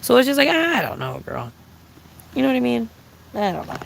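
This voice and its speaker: A young adult livestreamer in casual, unscripted chat with viewers, talking bluntly and with a lot of profanity, ranting with lively swings. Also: mid-range voice, a little fast, creaky, a little hiss or hum, poor audio.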